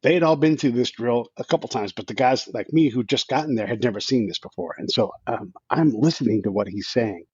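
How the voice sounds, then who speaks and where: A man's voice: medium pitch, fairly quick, hardly any pauses, a little mellow, breathy edge, no echo, lo-fi sound. A man in his fifties, a podcast guest, telling a rambling story with many restarts and quoted asides. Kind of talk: casual storytelling.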